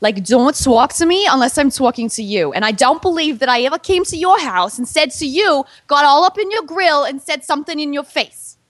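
A woman's voice: high voice, lively intonation, brisk, few pauses, no echo. A woman putting on a New Jersey accent as a blunt, confrontational woman. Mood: combative. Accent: New Jersey put on.

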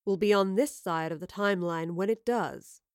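A woman's voice: medium pitch, normal speed, a little mellow, clear, resonant tone, no echo, studio quality, natural voice. A woman reading a storybook voices a smug, scheming villainess with a goading, mocking manner.

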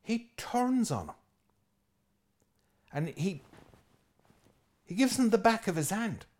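Irish priest preaching a lively sermon. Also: male voice, sits high, takes it slowly. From Ireland. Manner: lively and conversational, with asides and jokes; emphatic, repeating key phrases.

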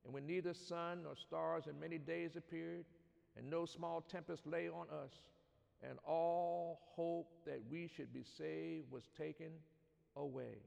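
A man preaching a sermon in a church, reading scripture and calling on the congregation to answer back, building to loud shouts. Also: a little high, steady tone, measured pace, gravelly, dull audio. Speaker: pastor. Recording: long hall reverb.

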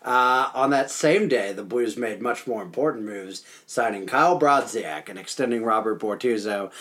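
A man's voice: fairly low pitch, moderate pace, a bit bright. Chatty man recapping old trades. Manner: recaps dates and trades, laughing often. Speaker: podcast co-host. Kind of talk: casual sports chat.

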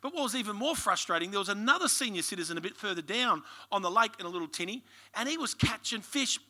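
A man with an Australian accent preaching a sermon, telling lively stories and calling out to the congregation. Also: sits high, fast. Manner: lively storytelling, calls to the congregation. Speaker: pastor.

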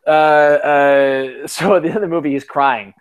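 Podcast host, male, slightly higher voice, rambling and self-deprecating, casual swearing. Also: moderate pace, clear, resonant tone, dull audio. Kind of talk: casual chat.

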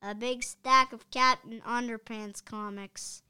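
A woman's voice: fairly high pitch, steady tone, slow pace, pushed and bright, smooth, no echo, heavily acted. Woman reading as a mischievous schoolboy. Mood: eager.

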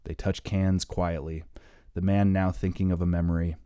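A man's voice: low-pitched, little pitch movement, moderate pace, dark tone, clean tone, no room sound. A man narrating his own audiobook in a matter-of-fact, opinionated way, close to the mic.

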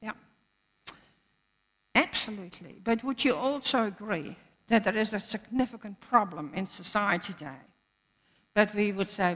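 A woman's voice: mid-range voice, moderate pace, pauses often, a bit bright. A woman preacher giving a sermon in an earnest manner, repeating phrases for emphasis. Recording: echoey hall.

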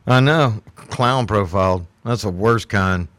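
A man's voice: on the low side, unhurried, a bit bright, dry recording. Joking man, dry close sound. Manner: joking, playful, teasing. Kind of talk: casual chat.

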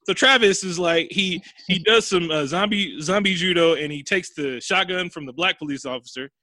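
Bright, animated man recapping a movie. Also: sits high, moderate pace, no room sound. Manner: profane, animated, acts out characters' lines. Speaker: podcast host recapping a movie. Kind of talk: casual comedic chat.

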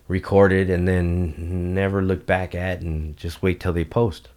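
A man telling a story in a loose, profane, animated way as a podcast guest. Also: sits low, a little slow. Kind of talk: casual storytelling.

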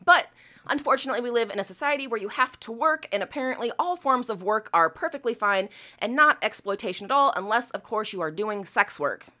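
A woman with a bright, tense voice talks through a discussion, reading passages aloud and breaking off to mock them. Her pitch swings widely as she laughs and scoffs in sarcastic disbelief. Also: expressive, brisk. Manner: sarcastic, laughing, incredulous asides. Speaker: podcast co-host. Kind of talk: casual critical chat, reading quotes aloud.

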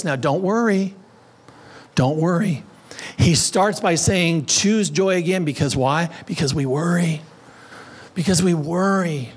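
A man with a fairly high voice preaches a sermon. He reads scripture, plays with words and leads his congregation in call and response. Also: takes it slowly, pauses often, slightly rough. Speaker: pastor.

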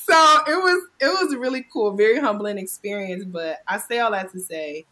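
An American woman in her thirties from Cleveland, hosting a casual podcast chat as an animated, emphatic storyteller who laughs often. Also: medium pitch, moderate pace, poor audio. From Cleveland, USA. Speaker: podcast host.

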